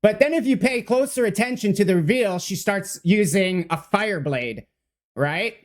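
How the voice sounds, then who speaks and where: A man's voice: high voice, normal speed. A man streaming his first read of game patch notes, talking off the cuff with lots of fillers, restarts and the odd swear. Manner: rambling, excitable, many fillers and restarts; swears casually.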